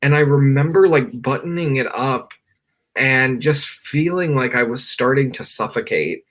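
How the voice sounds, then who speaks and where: A young man with a medium-pitched, fairly bright voice speaks at a measured pace. He's a guest on a podcast, calling in remotely from his bedroom, and he tells a personal story in an earnest, rambling way packed with "like." It's candid storytelling during a live interview.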